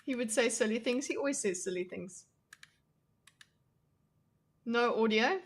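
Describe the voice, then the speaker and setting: A woman's voice: a little high, measured pace. A young woman hosting a casual livestream, chatting with her viewers in a self-deprecating way and laughing often. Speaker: livestream host. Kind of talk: casual livestream chat reacting to chat.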